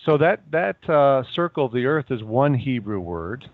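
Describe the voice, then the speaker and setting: A man in his fifties, a guest in a casual chat, relaxed, at times reading passages aloud. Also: medium pitch, normal speed, no echo. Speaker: guest, former Navy sailor. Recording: tinny phone line.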